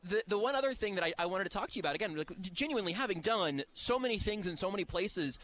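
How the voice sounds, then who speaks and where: A man's voice: sits high, expressive, a bit bright. A man hosting a radio show from a busy event floor, talking eagerly and restarting his sentences often. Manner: rapid, eager talker with stammered restarts. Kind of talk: casual radio chat.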